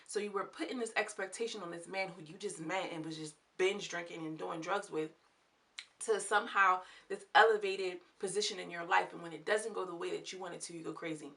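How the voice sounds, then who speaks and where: Lively woman recapping a TV episode. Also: on the low side, fairly quick, gravelly. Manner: animated, chatty, exclamatory slang. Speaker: TV show reviewer. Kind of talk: casual recap and commentary.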